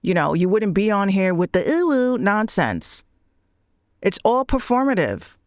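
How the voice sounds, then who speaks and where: A woman's voice: medium pitch, big pitch swings, unhurried, dry recording, clean studio sound. A woman VTuber ranting bluntly, swearing often and repeating her points. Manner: blunt, profane, repeats phrases. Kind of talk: ranting monologue.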